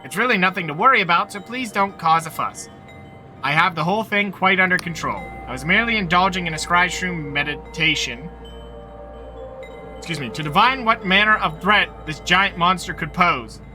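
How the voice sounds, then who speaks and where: A man's voice: high voice, lively intonation, moderate pace, sharp tone, faint music behind, exaggerated voice. A man reading aloud the lines of a nervous, fussy woman village mayor from a video game, flustered and overly polite.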